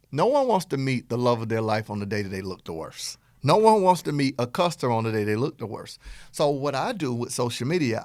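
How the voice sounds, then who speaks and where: Male middle-aged podcast host with a Southern accent, animated motivational coaching tone, very lively pitch, dry recording. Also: no echo. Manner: animated, playful, acts out dialogue in quotes. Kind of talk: energetic motivational talk.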